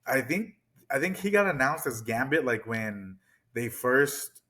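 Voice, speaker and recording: Man, movie podcast co-host; bright, forceful tone, excited and rambling, swears a lot. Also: mid-range voice, a little slow. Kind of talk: casual movie discussion.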